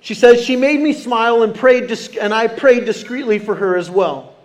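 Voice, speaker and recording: A man preaching a sermon as pastor, animated and calling out questions to the congregation. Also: extremely high pitch, normal speed. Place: church sanctuary.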